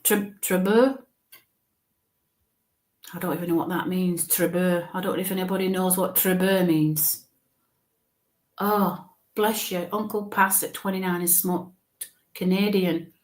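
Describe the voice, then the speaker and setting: Halting woman in a roomy space. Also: lowish voice, steady tone. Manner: halting, thinks aloud with frequent restarts. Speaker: psychic medium. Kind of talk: live mediumship reading.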